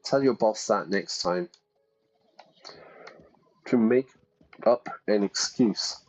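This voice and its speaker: A man casually commenting while playing a game, chatty and playful, thinking out loud. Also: on the low side, slow pace, faint music behind, poor audio. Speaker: teacher playing a game for learners.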